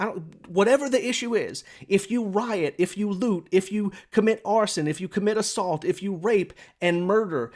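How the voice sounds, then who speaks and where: A man's voice: high voice, a little mellow. A man hosting a podcast, delivering an impassioned, preachy monologue with lots of repetition while smoking a pipe. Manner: smokes a pipe while talking. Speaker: podcast host. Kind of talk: opinionated monologue.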